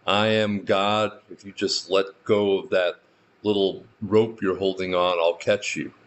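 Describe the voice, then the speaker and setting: A calm, patient voice of God calling down from above , put on by a preacher in a sermon. It speaks slowly and deliberately, lower than the preacher's own voice. The recording is muffled and lo-fi. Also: male voice. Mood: reassuring. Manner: slow, reassuring, deliberate.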